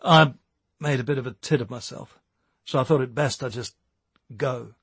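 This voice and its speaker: A man's voice: medium pitch, fairly bright tone, breathy edge, no echo. A man voicing a flustered, sheepish young man in an audiobook. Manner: flustered, halting.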